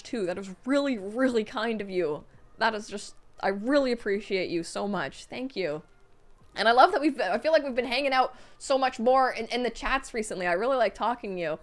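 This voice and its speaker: A woman streamer excitedly reading out donations and fan messages in a casual livestream chat, gushing and laughing often. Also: on the high side, moderate pace.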